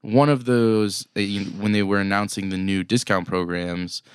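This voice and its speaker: A man's voice: lowish voice, fairly even intonation, normal speed, clean tone, dry recording. A man co-hosting a business news podcast, chatting casually with fillers and restarts. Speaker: podcast co-host. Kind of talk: casual news recap chat.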